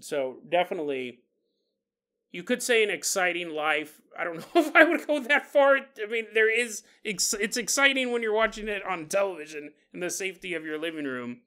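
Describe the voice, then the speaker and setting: Мужчина-ведущий подкаста, яркий шутливый голос. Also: male voice, fairly high pitch, pushed and bright. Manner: jokey, laughs at his own asides, acts out quotes. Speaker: podcast host. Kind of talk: casual storytelling monologue.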